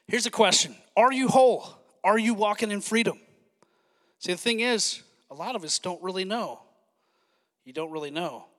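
A male pastor preaching a sermon with excited, fast-talking energy and asides to the congregation. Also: high voice, long reverb tail.

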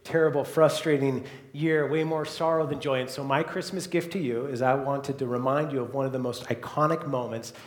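A man preaching a sermon as pastor, moving between soft, hushed passages and loud, emphatic ones. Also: mid-range voice, steady tone, brisk, hardly any pauses, roomy sound.

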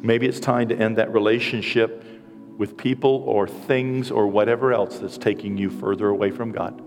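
A man's voice: lowish voice, fairly even intonation, normal speed, a little mellow, big-room sound, faint music behind. A man in his sixties preaching as a pastor in a church, earnest and emotional, with self-deprecating asides. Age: 60s. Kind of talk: sermon. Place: church sanctuary.

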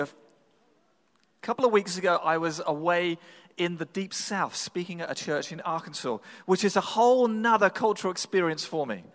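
A pastor preaching a sermon in a church, telling stories in a relaxed, humorous, conversational way. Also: male voice, fairly high pitch. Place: church sanctuary. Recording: long reverb in a large hall.

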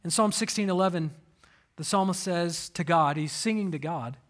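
A man in his thirties preaching a sermon, telling personal stories with animated swings and sudden soft asides. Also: high-pitched, normal speed. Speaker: pastor.

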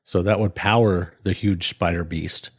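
Man, low voice, podcast co-host, casual rambling chat, fillers, dry close sound. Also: fairly even intonation, unhurried, no echo. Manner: rambling, many fillers and restarts.

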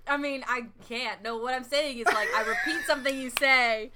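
A woman's voice: sits high, fairly even intonation, normal speed, background noise. An American woman co-hosting a comedy podcast, chatty and giggly with lots of fillers. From United States. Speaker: podcast co-host. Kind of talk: casual chat.

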